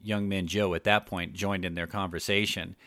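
A man with a deep voice reads an audiobook at a steady, measured pace. The recording is close and dry, with no room sound. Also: no room sound. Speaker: audiobook narrator. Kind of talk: scripted narration.

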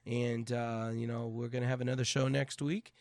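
A man's voice: medium pitch, level tone, moderate pace, darkish tone, no echo. Joking podcast co-host man. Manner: joking, chatty. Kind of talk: casual chat.

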